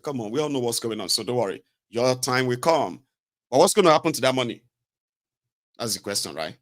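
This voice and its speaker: Brief: a Nigerian man talking politics in a casual, sarcastic way, with a mid-pitched voice that swoops a lot. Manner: animated, sarcastic, rambling. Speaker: commentator.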